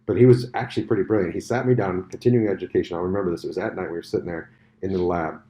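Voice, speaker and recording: A middle-aged man hosting a casual podcast chat, speaking in a deep, low register. He talks at a brisk clip, jumping into stories with quick asides and self-corrections. His tone is dark and mellow rather than bright. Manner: animated storyteller, quick asides and restarts. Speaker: podcast host. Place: conference venue.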